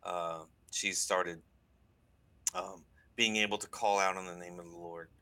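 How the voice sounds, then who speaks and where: A man telling a story in casual conversation, animated, with many restarts and asides. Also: low voice, unhurried. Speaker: guest recounting a deliverance.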